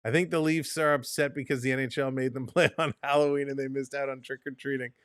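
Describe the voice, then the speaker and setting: A man hosting a live stream, chatting casually and venting his frustration out loud. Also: medium pitch, little pitch movement, quick pace, clean tone, dry recording, clean studio sound. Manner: frustrated, exasperated, talks to himself and chat.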